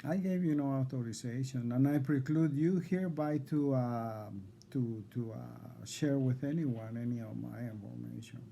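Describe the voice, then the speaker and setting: A man reading out insistent legal demands to a court evaluator, repeating himself and halting on fillers. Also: medium pitch, creaky, warm tone, a little hiss or hum. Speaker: defendant addressing a court evaluator. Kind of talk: confrontational legal declaration.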